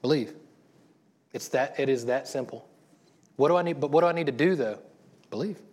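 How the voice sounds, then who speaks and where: A middle-aged man delivers a sermon as a pastor in a loose, conversational way. He often restarts his sentences and talks as if chatting with friends. His voice sits at an ordinary middle pitch. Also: fast, a little mellow. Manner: casual and chatty, with frequent restarts and laughter.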